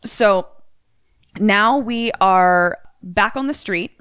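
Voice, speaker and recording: A woman co-hosting a comedy podcast, recapping a horror film in a chatty, animated storytelling way. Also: medium pitch, very slow, clear, resonant tone, dry recording, clean studio sound. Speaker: podcast co-host.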